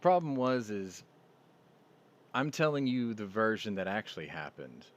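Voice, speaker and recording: With a lowish voice and an unhurried delivery, a man hosting a podcast recounts a story in a relaxed way. He's animated, putting on the voices of whoever he quotes.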